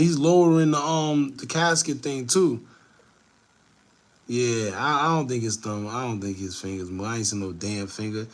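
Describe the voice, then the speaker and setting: A young man, reacting to a video for viewers, breathless, laughing and swearing casually. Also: mid-range voice. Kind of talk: casual commentary, talking to viewers.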